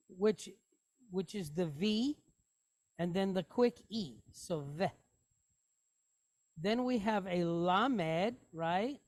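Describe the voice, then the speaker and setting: A woman's voice: mid-range voice, no echo, clean studio sound. A woman teaching a Hebrew reading lesson, sounding out each word step by step and asking rhetorical questions as she goes.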